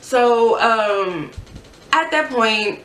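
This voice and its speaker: Young woman, candid personal testimony, halting and earnest, slightly high voice, recorded from a distance in an echoey room with faint background noise. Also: animated, fairly bright tone. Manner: halting and earnest, many restarts. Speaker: vlogger sharing a personal story.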